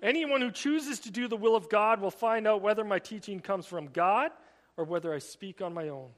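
A man preaching a sermon, swinging between emphatic raised passages and quiet, drawn-out emphasis. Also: sits high, big-room sound. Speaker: pastor.

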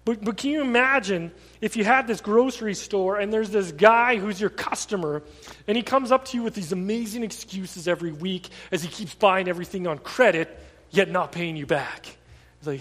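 Male preacher, high voice, animated storyteller, reverberant hall. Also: moderate pace. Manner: conversational, animated storytelling with repeated restarts. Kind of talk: sermon.

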